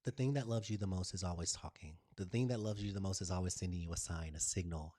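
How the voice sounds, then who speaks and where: A man hosting his own live stream, telling stories and giving a spiritual pep talk. He is animated and affectionate, calls viewers y'all and baby, and swings between loud excitement and a soft hush. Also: low voice, fast, few pauses. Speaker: channel host.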